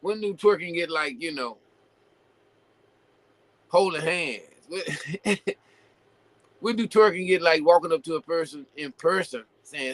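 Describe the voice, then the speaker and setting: A man hosting his own show, talking casually and at length, full of "you know" fillers and restarts, building into animated rhetorical questions. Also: fairly high pitch, measured pace, long pauses, no room sound, rough recording. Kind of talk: casual opinion monologue.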